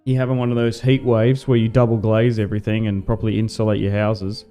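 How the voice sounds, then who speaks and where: An Australian man casually commentating a strategy game on a livestream, relaxed and chatty, swearing now and then. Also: lowish voice, quick pace, clear, resonant tone, soft background music. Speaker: gaming livestreamer.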